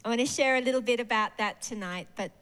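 A woman's voice: on the high side, fast, a bit bright, clear, resonant tone. A woman preacher giving a sermon in a church service. She talks expressively and animatedly and often laughs.

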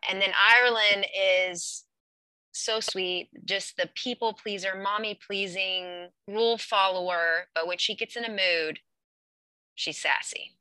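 Woman, mother, bright sharp tone, dry close sound, candid and laughing in casual chat. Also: medium pitch, fairly even intonation, smooth, dry recording, rough recording. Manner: candid, laughs often, quick to vent. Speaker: mother of daughters.

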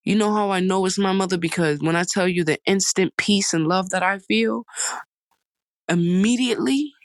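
A young woman hosts a casual podcast monologue. She talks in a heartfelt, rambling way and hammers her points home by repeating them. Her voice sits at a middle pitch in a dry, close recording. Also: moderate pace, no echo. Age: 20s. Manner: heartfelt, rambling, emphatic repetition. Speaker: podcast host.

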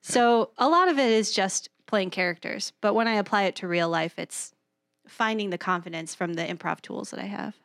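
A woman's voice: medium pitch, normal speed, creaky, fairly bright tone, dry recording, studio quality. An American woman, a guest improv teacher, chatting casually on a podcast, self-deprecating and laughing as she talks. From United States.

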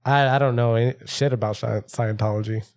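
A man's voice: medium pitch, steady tone, fairly quick, darkish tone. A man co-hosting a podcast in casual banter, rambling and swearing freely while drinking. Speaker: podcast co-host.

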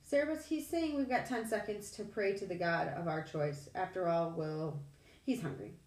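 A woman voicing a nervous young satyr boy, speaking in a high, anxious, halting way. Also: darkish tone, close to an everyday voice. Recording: echoey room, distant mic.

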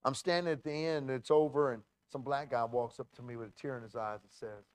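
A man pastor telling a story in a sermon, animated and full of restarts and acted-out quotes. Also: medium pitch, fast talker, hardly any pauses, no room sound.

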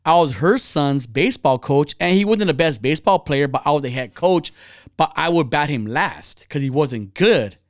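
A man's voice: moderate pace, no echo, studio quality. A man in his thirties in casual chat, telling stories bluntly with lots of profanity and acting out the people he quotes. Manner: blunt, profane, animated storytelling; acts out quoted people with big pitch jumps.

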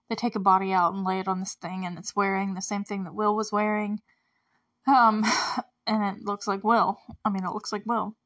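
A young woman talking through a TV episode in a loose, chatty way. Her voice sits at a middle pitch, and she fills her sentences with likes, ums and quick laughs. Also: a bit bright. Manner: chatty, many fillers and likes, laughs often. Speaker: show recapper. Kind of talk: casual recap chat.

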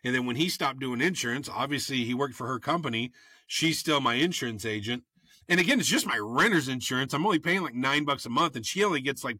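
Animated, bright-voiced man. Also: mid-range voice, breathy edge, dry recording, studio quality. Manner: loud, animated, teasing. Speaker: podcast co-host. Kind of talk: casual podcast chat.

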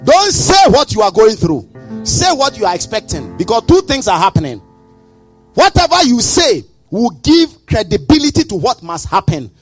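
A man preaches in a high, lively voice that rises and falls in a sing-song rhythm. He punches key phrases with sudden shouts. The sound is dry and close, with faint music underneath. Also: moderate pace, slightly rough, dry recording. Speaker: pastor. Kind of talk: sermon.

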